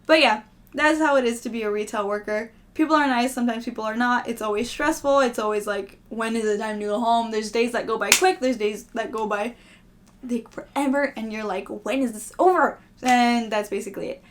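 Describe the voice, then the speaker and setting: A woman's voice: fairly high pitch, a little fast, slight background noise. A young woman vlogger in casual, rambling, self-deprecating chat to camera, often laughing.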